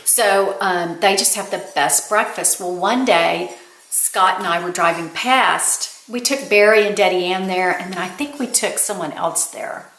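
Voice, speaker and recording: A woman's voice: medium pitch, unhurried, a bit bright. Chatty older woman, roomy sound. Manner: chatty storytelling, addresses viewers as y'all. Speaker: lifestyle vlogger. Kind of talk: casual chat. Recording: roomy echo.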